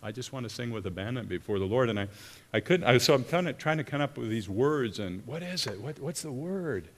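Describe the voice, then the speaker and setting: A man preaching a sermon in an earnest, halting way, often breaking off and restarting his sentences. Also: medium pitch, animated. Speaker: pastor or worship leader. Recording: long reverb of a church hall.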